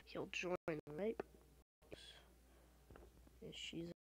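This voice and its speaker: A woman commenting on her own gameplay in an unhurried, drawn-out way, swinging between loud exclamations and muttered complaints. The recording carries a noticeable layer of background noise. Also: fairly low pitch. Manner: frustrated, exclaiming, muttering under breath. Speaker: gamer.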